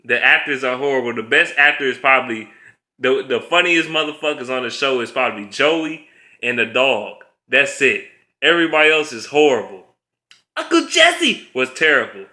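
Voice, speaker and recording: A man's voice: medium pitch, very animated, normal speed, sharp tone. A man delivering a blunt, profane casual rant as a vlogger, laughing often. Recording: roomy echo.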